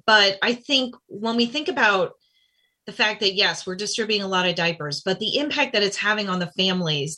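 A woman who runs a small nonprofit, answering interview questions in an earnest, measured way. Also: medium pitch, bright, forceful tone, breathy edge. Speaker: nonprofit founder. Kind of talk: interview guest.

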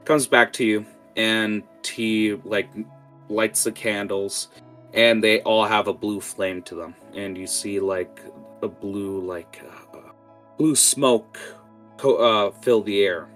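A man runs a tabletop game as game master, narrating in a relaxed, halting way full of fillers. He talks slowly in a lowish voice. Faint guitar music plays behind him.

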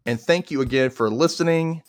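Guy on a podcast recapping a show, chatty and jokey, squeaky quote voices, middle pitch. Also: normal speed, faint music behind. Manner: chatty and joking, jumps into high squeals for quotes. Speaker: podcast host. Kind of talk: casual episode recap.

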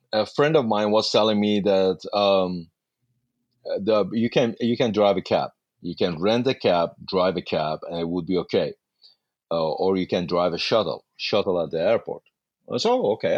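A man, a guest actor, telling lively anecdotes and acting out dialogue. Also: fairly low pitch, moderate pace, dry recording, dull audio. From Iran. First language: Farsi. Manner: animated anecdotes with acted-out dialogue. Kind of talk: casual storytelling.

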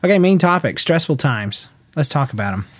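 A man in his thirties co-hosting a podcast in casual chat, telling stories with lots of restarts and quick laughs. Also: fairly high pitch, animated, dry recording, studio quality. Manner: rambling storyteller with many restarts and laughs. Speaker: podcast co-host.

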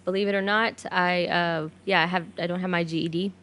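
A woman's voice: fairly low pitch, steady tone, a little fast, fairly bright tone. A woman in her thirties, a guest in a casual chat, answering in a blunt, offhand way.

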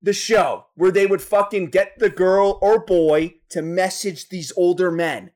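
A man co-hosting a podcast, chatting crudely and profanely with loud bursts of laughter. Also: sits high, unhurried. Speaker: podcast co-host. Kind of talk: crude casual chat.

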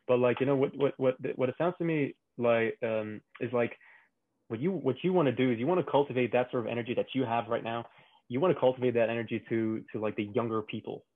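A man's voice: medium pitch, fast talker. A man chatting casually over a remote call, rambling with many restarts and laughing often. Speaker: podcast co-host on a call. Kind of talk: casual chat. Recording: tinny phone-like call audio.

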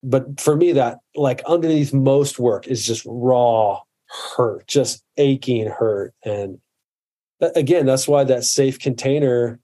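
Man, forties, mellow dark tone, middle pitch, earnest, halting restarts, podcast guest. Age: 40s. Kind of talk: casual podcast conversation.

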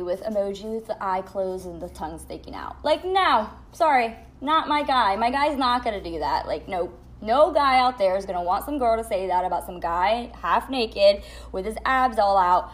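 Blunt, higher-voiced young woman venting. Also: animated, moderate pace. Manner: blunt, profane, candid venting. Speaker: podcast host. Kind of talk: casual storytelling podcast. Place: at home.

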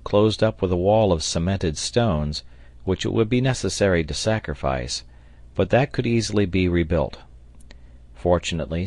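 A man narrating an audiobook in a steady, even storytelling manner on a close mic. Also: sits low, no echo. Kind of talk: scripted narration.

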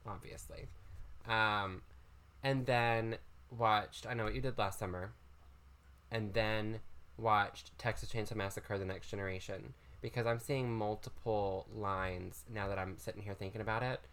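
A man's voice: fairly low pitch, fairly even intonation, unhurried, a bit bright, smooth. A man joining a podcast as a guest, talking casually about a movie. He is enthusiastic and chatty, and he tends to ramble as he works through his theories.

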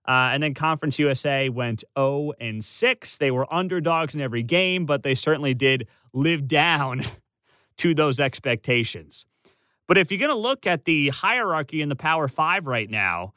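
A man's voice: on the high side, pushed and bright, no echo, studio quality. A man giving opinionated college football commentary as a sports talk host, emphatic and sarcastic, piling up rhetorical questions.

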